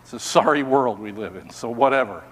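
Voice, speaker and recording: An older man preaching a sermon, telling personal stories in an animated, self-mocking, humorous way. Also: mid-range voice, fairly quick, big-room sound. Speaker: pastor.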